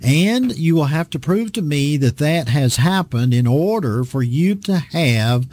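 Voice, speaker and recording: A man preaching a Bible study, reading scripture slowly and pausing often with fillers. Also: on the high side, expressive, a little mellow. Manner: slow, deliberate reading with frequent fillers.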